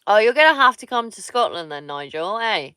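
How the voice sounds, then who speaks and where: A woman's voice: medium pitch, very animated, brisk, sharp tone, clear, resonant tone, dry recording, studio quality. A woman from Somerset, chatting casually with viewers on a livestream, blunt and teasing and swearing freely. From Somerset, England. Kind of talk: casual live-stream chat with viewers.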